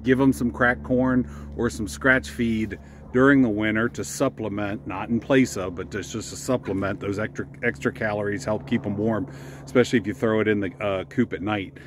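A homesteading vlogger from the Mid-Atlantic US walks around his backyard chicken coop, vlogging casually and a bit out of breath. His fairly low, steady voice moves at a normal speed, and he rambles with many fillers and restarts over background noise.

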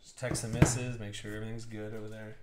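Excitable man hosting a live card break. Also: on the low side, fast, heavy background noise. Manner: excitable, teasing, laughs often. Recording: roomy echo.

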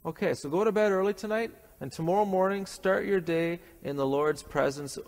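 A man from Canada giving a morning homily as a priest, lively and joking, with many restarts. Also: sits high, brisk. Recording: long hall reverb.

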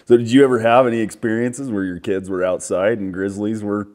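A man's voice: on the low side, steady tone, a little fast, darkish tone. A man hosting a casual interview, an easygoing and enthusiastic listener. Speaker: podcast host.

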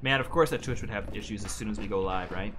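A man hosts a live game stream, rattling off quick jokes and mock outrage as he plays. He talks fast, with a faint hum in the background. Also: fairly low pitch, a bit bright. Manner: quick, joking, playful indignation. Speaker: host and player. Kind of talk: casual gameplay commentary.

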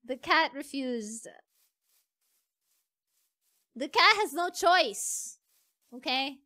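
A woman streamer with a very high, bright voice, chatting through gameplay in an unhurried way. She is excitable, coaxing and pleading, and she talks to an animal as if it were a pet. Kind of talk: casual gameplay commentary.

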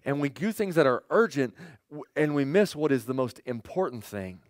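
A middle-aged male pastor preaching a sermon, telling stories animatedly and acting out quoted voices with sudden jumps up and quiet drops. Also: medium pitch, animated, normal speed, no room sound, studio quality.

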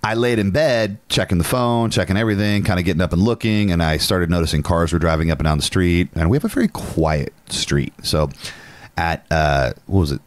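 A young adult man from Northern California co-hosting a podcast, telling a story in an animated, casual way and swearing freely. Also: low-pitched, brisk, dry recording. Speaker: podcast co-host. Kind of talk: casual chat.

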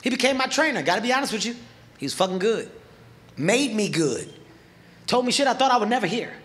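A male comedian telling a story on stage into a handheld mic, animated and profane, acting out scenes. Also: high-pitched, a little fast. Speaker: stand-up comedian. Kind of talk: stand-up storytelling. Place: large comedy venue on stage.

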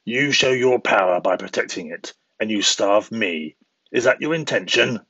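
A fierce, proud eagle , read aloud by a man, speaks with mocking demands in a deep, husky voice. The recording is dry and a little muffled. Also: expressive, moderate pace, bright, forceful tone, dry recording, full character voice. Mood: demanding.

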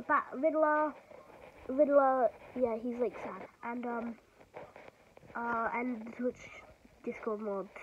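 A woman vlogger excitedly rambling through a film recap from memory, full of filler words. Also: sits high, lo-fi sound, noisy background.

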